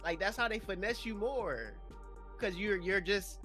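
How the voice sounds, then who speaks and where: A man's voice: sits high, measured pace, soft background music. A young man co-hosting a gaming podcast in casual, slangy chat, often mocking others in put-on voices. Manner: animated, slangy, mocking imitations. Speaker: podcast co-host.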